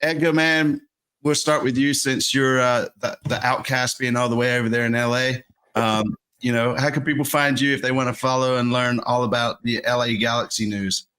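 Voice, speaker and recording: A man hosting a live fan show, relaxed and steering the conversation. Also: medium pitch, normal speed, clean tone. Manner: relaxed, steering the talk, short agreements. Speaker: show host. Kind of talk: casual podcast hosting.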